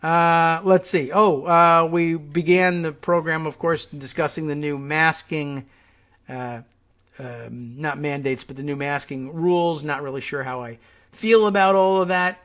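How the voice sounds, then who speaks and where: A man hosts a solo political commentary show, musing aloud with weary exasperation. His voice sits slightly high for a man, and he talks his way through each point. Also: fairly bright tone. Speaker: host.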